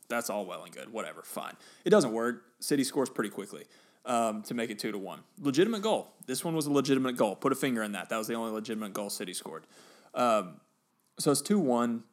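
A man on a podcast, casually retelling a football match with animated bursts of excitement. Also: medium pitch, fast. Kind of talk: casual storytelling chat.

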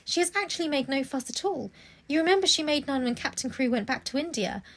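A woman's voice: sits high, lively intonation, fast, voice pushed up. A woman voicing a timid, fussy older woman recounting events, read aloud from a storybook. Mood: wondering.

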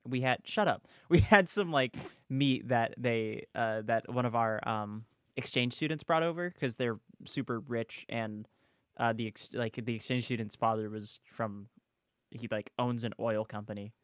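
A man's voice: medium pitch, unhurried, clean tone, dry recording, studio quality. Swearing young man chatting on a podcast. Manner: animated, swears a lot, says "bro" and "dude". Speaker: podcast co-host. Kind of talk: casual chat.

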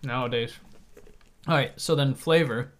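A man's voice: medium pitch, moderate pace. Chatty man rating candy. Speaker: candy taste-test panelist. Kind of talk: casual chat.

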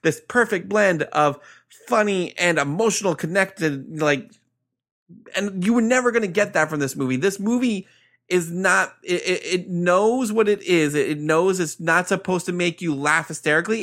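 A high, bright male voice that talks in a measured way while he argues the other side in a relaxed movie chat. He sounds steady and reasoned rather than heated. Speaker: podcast co-host. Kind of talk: casual movie review chat.

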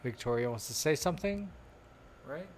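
A man's voice: on the high side, expressive, normal speed, a little mellow, slight background noise. A young man hosting a podcast in casual chat, rambling and swearing loosely. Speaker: podcast host.

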